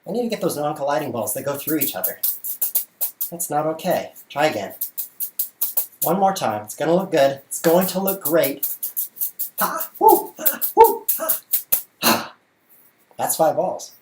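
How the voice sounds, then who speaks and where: This chess streamer and show host has a fairly high, expressive, darkish voice, speaking at normal speed with long pauses over faint music. In a casual livestream from his bedroom at home, he stays jokey and playful and describes what he's doing while juggling.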